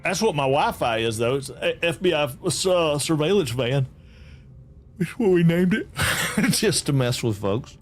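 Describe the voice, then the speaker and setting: A man's voice: a little high, expressive, measured pace, soft background music. A man from Georgia, chatting casually with viewers while streaming a game and often repeating himself. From Atlanta, Georgia.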